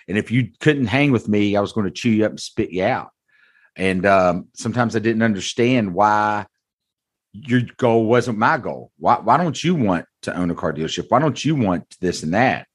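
A man's voice: fairly low pitch, lively intonation, normal speed, breathy edge. A man in his forties, a car dealership owner, telling his story to an interviewer in a blunt, earnest, folksy way. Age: 40s. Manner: earnest, blunt, folksy, calls host brother. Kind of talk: candid conversational storytelling.

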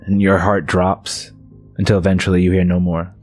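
A man narrating as game master of a tabletop game, slow and atmospheric, with restarts. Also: low-pitched, little pitch movement, a little mellow, faint music behind.

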